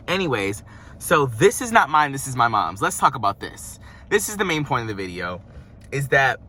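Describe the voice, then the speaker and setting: A young man talking casually through a fast-food review from his parked car, rambling and playful. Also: mid-range voice, pushed and bright, a little hiss or hum. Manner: chatty, rambling, playful asides. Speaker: vlogger.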